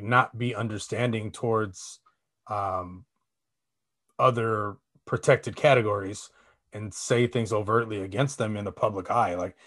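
A man's voice: lowish voice, a bit bright. Rambling, swearing young man chatting. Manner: rambling storyteller, swears freely, many fillers. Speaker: podcast co-host. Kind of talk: casual chat.

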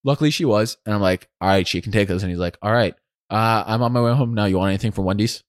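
A man's voice: on the low side, fast, no room sound, clean studio sound. A young man co-hosting a casual podcast, telling a long family story and acting out the other people's lines as he goes. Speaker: co-host.

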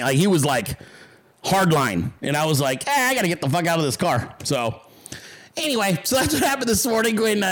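A man hosting his own show, telling a rambling, profanity-laced story with quoted voices in a casual monologue. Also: on the high side. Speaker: podcast host.

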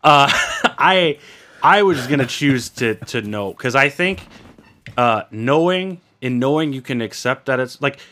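Podcast co-host, young man, rambling and profane, bright edgy tone. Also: medium pitch, expressive, a little slow. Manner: rambling, swears a lot, many fillers. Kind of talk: casual crude banter.

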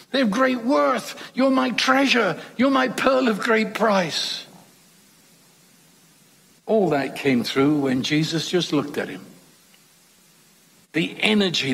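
A man's voice: high voice, vocal fry, fairly bright tone, breathy edge. A man preaching a sermon in a conversational, emphatic way, with rhetorical questions to the congregation. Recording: long hall reverb.

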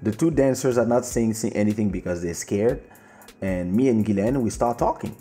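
A man's voice: on the low side, moderate pace, warm tone, reverberant, soft background music. A man hosting a podcast who tells a story casually, laughing often, swearing freely and turning to address a friend. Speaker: podcast host. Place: home studio during a live stream.

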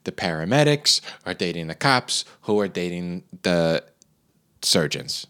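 A man's voice: low voice, expressive, unhurried, bright, forceful tone, clear, resonant tone. Rambling young man ranting. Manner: rambling, lots of filler and repeats. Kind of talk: casual comedic rant.

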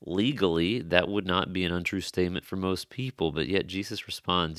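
A man's voice: low voice, normal speed, few pauses, a bit bright, dry recording, studio quality. A man preaching an expository sermon in an earnest, conversational way, stressing key phrases.

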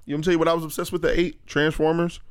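Animated young man telling a story. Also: a little high, rapid-fire, smooth. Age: young adult. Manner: animated storyteller, acts out quoted lines. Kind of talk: casual group chat.

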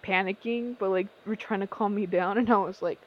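A woman's voice: mid-range voice, steady tone, brisk. A young woman in casual podcast chat who swears and laughs as she talks. Her voice comes through slightly dull and lo-fi. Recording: dull lo-fi sound.

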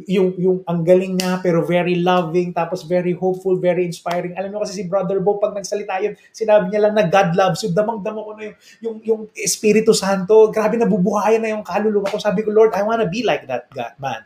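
A Filipino-accented male preacher with a fairly high voice, delivering a lively motivational sermon. He asks his listeners questions and repeats his main points for emphasis. The sound carries a roomy echo. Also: fast, hardly any pauses. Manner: energetic, rhetorical, repeats key lines for emphasis. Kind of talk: sermon-style motivational talk.

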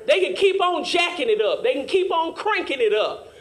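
High-voiced woman preaching with fervor. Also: very animated, moderate pace. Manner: call-and-response preaching, rising to shouts. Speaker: Sunday school teacher. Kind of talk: preaching Sunday school lesson.

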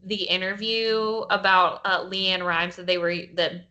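Bright-voiced woman, light Southern accent. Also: mid-range voice, fairly even intonation, a little slow, lo-fi sound. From American South. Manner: chatty, laughing, many fillers. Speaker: podcast co-host. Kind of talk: casual chat.

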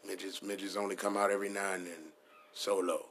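A man's voice: low-pitched, level tone, a little fast, a bit bright, a little hiss or hum. A man riffing in a casual comedic style, rambling and profane, laughing at his own jokes.

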